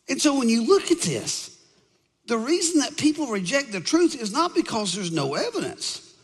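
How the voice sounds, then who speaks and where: A man's voice: very high voice, moderate pace, husky, in a large hall. A man preaching a sermon as pastor, telling stories and acting out the voices in them. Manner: animated storytelling, acts out voices in quotes. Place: church sanctuary with audience.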